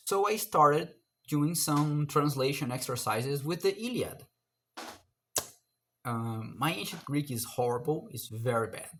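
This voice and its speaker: Young man, solo casual talk, excitable, self-deprecating, sudden loud pitch jumps, average pitch. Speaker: language learner vlogger.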